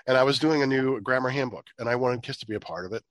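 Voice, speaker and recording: A male podcast host talks fast, rattling through a story with plenty of swearing. His voice sits at a middle pitch. The sound is dry and close, with no room around it. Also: no room sound. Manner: fast, profane anecdote telling. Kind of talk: casual podcast chat.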